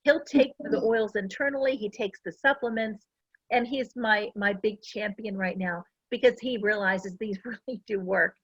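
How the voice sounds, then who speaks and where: A woman's voice: mid-range voice, normal speed, fairly bright tone, breathy edge, no echo, highs cut off. A middle-aged woman giving a casual, earnest talk to a class, full of personal stories. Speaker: essential oils presenter.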